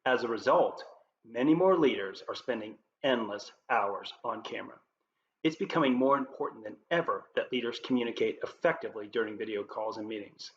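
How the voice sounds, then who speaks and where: A man presenting as a leadership coach, giving scripted tips to camera in a clear, upbeat presenter manner. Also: mid-range voice, animated, fairly quick. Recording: roomy, slightly dull with faint noise.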